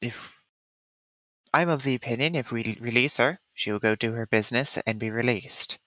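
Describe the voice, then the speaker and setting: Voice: mid-range voice, moderate pace, fairly bright tone, no room sound, lightly acted, poor audio. A tabletop player speaking in character as a rogue adventurer, in a plain, earnest voice. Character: rogue adventurer arguing for mercy.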